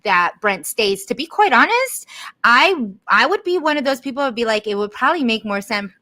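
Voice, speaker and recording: A woman co-hosting a podcast in casual chat, chatty and quick to laugh. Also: a little high, very animated, bright, forceful tone. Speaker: podcast co-host.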